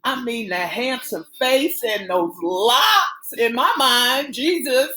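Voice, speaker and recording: A woman voicing Natasha, a young woman who tells her story in an animated, dramatic way, with Southern slang. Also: high voice, slow pace, pitched above the performer's own voice, exaggerated voice. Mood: excited. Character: young woman, Natasha, tearful then laughing.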